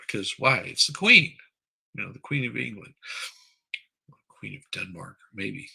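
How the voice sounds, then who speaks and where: Gravelly, husky-voiced male streamer. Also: fairly low pitch, normal speed, pushed and bright, rough recording. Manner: rambling, crude, reads chat aloud. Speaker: livestream host. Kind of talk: casual live-stream commentary.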